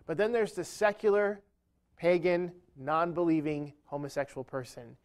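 A man speaking at a church event, telling a humorous, self-deprecating story within a sermon-style talk. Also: fairly high pitch.

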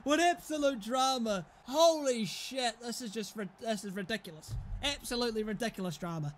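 A young man commentating his football video game match, excitable and often shouting and swearing at his teammates. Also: extremely high pitch, normal speed. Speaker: gaming YouTuber. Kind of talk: live gameplay commentary.

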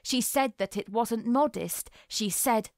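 A woman reading the part of a smug young schoolboy who taunts and mocks, in a slow, boastful way. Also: a little high, dry recording, studio quality. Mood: gloating. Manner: gloating, mocking, boastful. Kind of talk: audiobook character reading.

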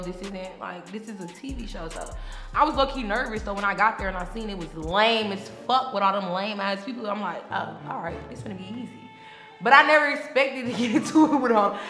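A woman's voice: mid-range voice, pushed and bright. A woman who is a reality TV personality, looking back on her show in a brash, profane, unscripted monologue and laughing often. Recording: echoey room with music underneath. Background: music.

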